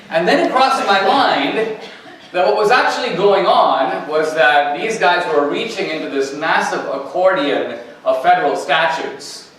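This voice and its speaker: Speaking at a normal pace with lively intonation, a guest speaker with a fairly high, fairly bright male voice tells stories to a university lecture hall, quoting dialogue as he goes. The audio is echoey with a distant mic and slight background noise.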